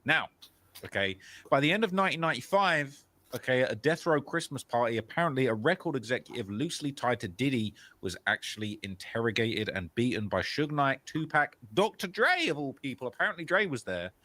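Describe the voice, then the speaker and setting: A man's voice: medium pitch, big pitch swings, brisk, bright, forceful tone, no room sound. A man with a British accent narrates a documentary-style video, hedging his claims with "apparently" and "allegedly". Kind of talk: storytelling narration of a video essay.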